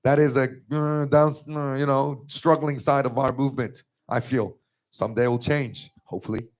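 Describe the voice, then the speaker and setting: A man's voice: steady tone, moderate pace. Emotional man giving a church testimony. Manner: emotional, rising to high strained pitch when moved. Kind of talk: personal testimony sermon.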